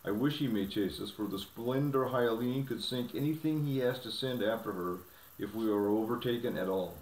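A man voicing a calm, resolute young king, for a storybook reading. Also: fairly low pitch, normal speed, lightly acted. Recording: roomy, from a distance.

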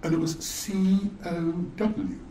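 A man's voice: sits high, fairly even intonation, slow pace, warm tone, a little hiss or hum. An older man, a former lawyer, telling stories in a wry, amused way as a guest speaker. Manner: wry, amused, chuckles through his stories. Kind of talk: anecdotal storytelling. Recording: roomy echo.

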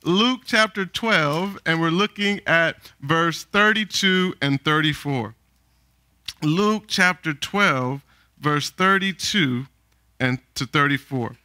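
A man's voice: a little high, slow pace, bright, forceful tone, no echo. A man preaching a sermon, often calling out questions for the congregation to answer. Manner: calls for responses from the congregation.

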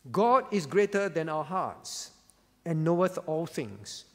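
High-voiced man preaching in a reverberant hall. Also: animated, slow pace. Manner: earnest, emphatic preaching with repeated key phrases. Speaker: pastor. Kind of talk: sermon. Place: church hall.

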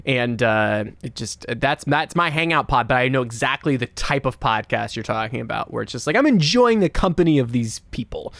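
Gravelly-voiced man, dry close sound. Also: mid-range voice, expressive, brisk, hardly any pauses, fairly bright tone, no echo. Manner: joking, loose, trails off mid-sentence. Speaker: podcast co-host. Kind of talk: casual podcast chat.

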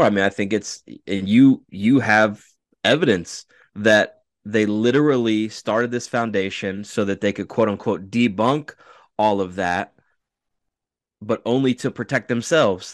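A man co-hosting a podcast, talking casually and hesitantly, restarting his sentences as he thinks. His voice is on the low side and recorded close and dry. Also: no echo. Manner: hesitant, many fillers and restarts.

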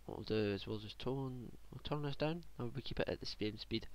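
A man's voice: mid-range voice, brisk, dry recording. A man casually commentating his own strategy game, muttering to himself, joking and swearing now and then. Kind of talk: casual let's play commentary.

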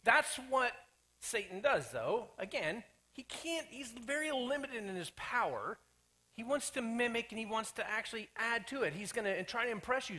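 A male pastor delivering a lively sermon, his voice sitting high and bright. He jokes with the congregation and slips into little acted voices for the characters he quotes. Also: moderate pace. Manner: animated, acts out quoted characters, jokey asides. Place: church sanctuary.

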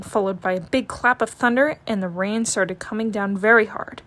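A woman narrating a children's picture book read-aloud in a gentle, expressive storytelling manner. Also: mid-range voice, moderate pace.

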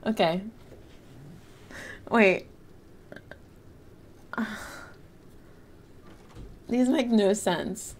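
A woman's voice: medium pitch, extremely slow, long pauses, a little hiss or hum. A woman streamer chatting casually with her viewers while she plays a game. She keeps breaking into helpless giggles. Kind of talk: casual live gameplay chat with viewers. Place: her bedroom at home.

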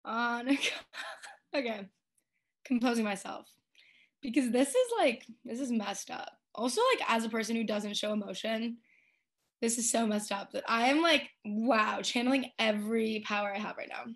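A woman's voice: a little high, normal speed. A woman in her twenties giving an emotional tribute to a departing friend in her singing group, crying and laughing through her words with many fillers. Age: 20s. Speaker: a cappella group member giving a senior tribute.

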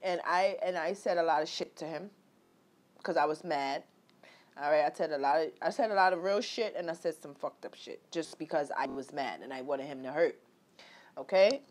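Woman vlogging her own story, swears a lot, jumps way up high when she quotes herself, keeps going "you know". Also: moderate pace. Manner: animated, profane, emphatic, jumps into high quoted exclamations; repetitive filler-heavy talk addressing viewers directly. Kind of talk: candid personal storytelling vlog.

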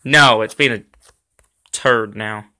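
Man, gaming video host; bright, forceful tone; rambling commentary, filler-heavy, easily irked. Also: mid-range voice, a little slow. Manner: rambling, lots of ums and uhs; irritated at lag, complaining. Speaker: gaming YouTuber. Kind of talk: gameplay commentary.

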